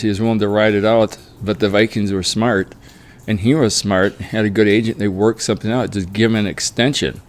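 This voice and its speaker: A man's voice: on the low side, level tone, a little fast. Opinionated man ranting about sports contracts. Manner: opinionated, mocks players in whiny quoted voices. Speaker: sports commentary vlogger. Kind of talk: casual opinion monologue.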